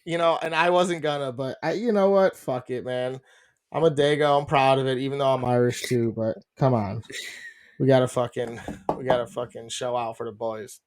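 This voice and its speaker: A man's voice: medium pitch, fairly even intonation, moderate pace, darkish tone. A man co-hosting a podcast, telling rambling, profane stories and laughing often as he talks. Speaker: podcast co-host. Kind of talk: casual chat.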